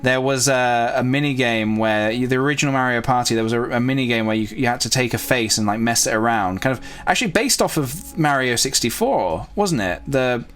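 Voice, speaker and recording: A man's voice: mid-range voice, a little fast, hardly any pauses, fairly bright tone, smooth. A man chatting casually to viewers while drawing, rambling and self-talking with playful asides. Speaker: youtuber drawing on stream.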